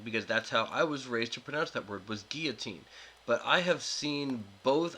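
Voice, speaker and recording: A man hosting a casual card pack opening video, reading card text aloud in a flat, steady way and chatting with the viewers. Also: mid-range voice, rough recording. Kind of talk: casual commentary while opening card packs.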